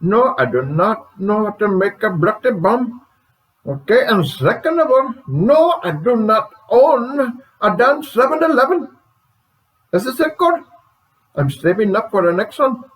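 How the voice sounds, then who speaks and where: A chirpy, sing-song radio guest, put on by a man. He pitches well above his own voice and sounds merrily offended. It comes across as a comic sketch voice. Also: very animated, unhurried, poor audio. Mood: indignant.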